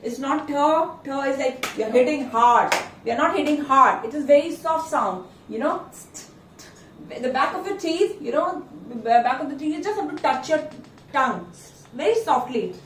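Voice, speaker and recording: A woman's voice: sits high, animated, a little hiss or hum. A woman with an Indian English accent teaching phonics in a classroom, drawing out each letter sound and prompting the class to repeat. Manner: slow, drawn-out sound demonstrations with call-and-response prompts. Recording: echoey classroom, mic far off. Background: children repeating in chorus.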